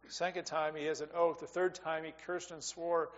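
A man giving a sermon as a pastor, talking conversationally, rising for emphasis and dropping to quiet asides. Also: on the high side, little pitch movement, normal speed. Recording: dull sound with long reverb in a hall.

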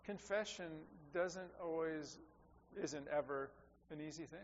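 A middle-aged man preaching a sermon as a pastor, earnest and repetitive, swinging between loud and soft. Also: a little high, measured pace. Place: church sanctuary. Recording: dull lo-fi sound with long hall reverb and faint hum.

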